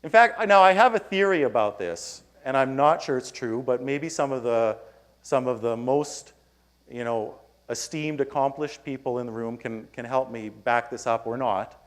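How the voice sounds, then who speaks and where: In a conference hall, a male keynote speaker narrates a story to the audience, loudly performing his own lines. His voice sits in the mid range and moves at a moderate pace.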